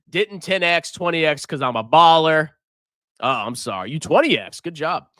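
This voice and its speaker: A man's voice: fairly high pitch, lively intonation, normal speed, a bit bright, no echo, studio quality. Teasing man on a livestream. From United States. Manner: teasing, mocking, laughs often. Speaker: livestream finance host. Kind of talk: live stream chat reading superchats.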